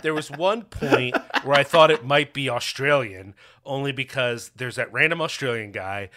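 A man's voice: mid-range voice, normal speed, bright, forceful tone. A man co-hosting a podcast in casual movie chat, rambling, restarting his sentences and swearing casually. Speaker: podcast co-host.

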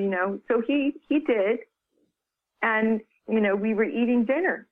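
A woman, a book author and guest, telling a story in a chatty, casual way, full of "you know" and quick restarts, heard over a phone call. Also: a little high. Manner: chatty, lively retelling with many "you know"s. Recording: tinny phone line.

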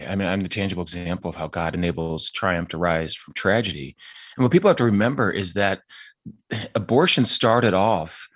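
A man's voice: low voice, a little fast, no room sound. A man answering interview questions in an earnest, emphatic way. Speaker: guest.

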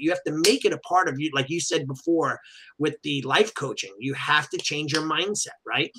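A man co-hosting a casual podcast, an animated storyteller who acts out quotes and fills his talk with "you know". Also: on the high side, moderate pace, noisy background. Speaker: podcast co-host and martial arts school owner.

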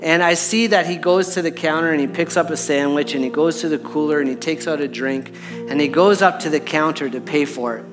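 A man's voice: a little high, fairly quick, over music. A middle-aged man preaching as a pastor, telling a personal story in a conversational way and checking in with the audience. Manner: conversational, repeats "right?" to the audience.

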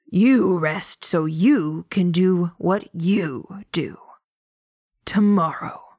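A calm, dutiful soldier man, as a woman reading a story puts him on, speaking slowly with a slightly altered timbre. The delivery is low-key and gently insistent. The recording is dry and close. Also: no echo.

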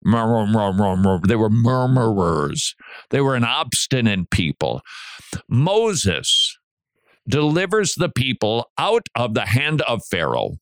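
A middle-aged man hosting a Christian radio talk show, preaching in an animated way with asides and restarts. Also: mid-range voice, slow, no echo, studio quality. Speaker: radio host.

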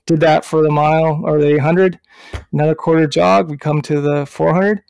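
A man co-hosting a podcast who tells a story in an animated, casual way, swearing and dropping punchy filler words. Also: fairly high pitch, moderate pace, vocal fry, clean tone, dry recording. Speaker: podcast co-host and running coach.

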